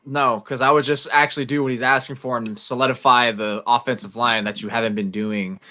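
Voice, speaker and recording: A man's voice: medium pitch, steady tone, a little fast, pushed and bright. A man co-hosting a sports podcast chat, blunt and teasing. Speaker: co-host.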